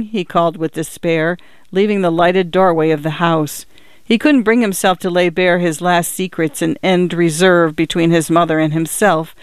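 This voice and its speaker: A man narrating a literary story in a measured, even-toned reading. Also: high-pitched, clean tone, no echo. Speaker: audiobook narrator.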